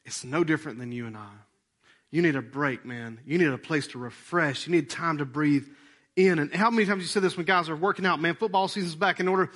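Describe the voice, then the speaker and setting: Guy preaching, chatty then suddenly punchy and loud, fairly high voice. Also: a little fast. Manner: lively, conversational preaching with sudden loud emphatic bursts; leads the congregation in breathing exercises. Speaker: pastor. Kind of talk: sermon.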